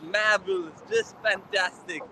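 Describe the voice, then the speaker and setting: A man's voice: high voice, fairly even intonation, measured pace, pushed and bright, a little hiss or hum, rough recording. A man doing a hyped Jamaican-accent cricket pundit. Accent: put-on Jamaican. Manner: exuberant, chanting "man" at each line end. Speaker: cricket show panelist.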